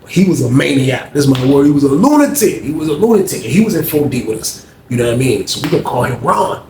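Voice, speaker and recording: Slangy, animated male storyteller. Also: medium pitch, fast talker. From Norfolk, Virginia. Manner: slangy, animated, says "man" constantly. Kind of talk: casual storytelling. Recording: echoey room, faint noise.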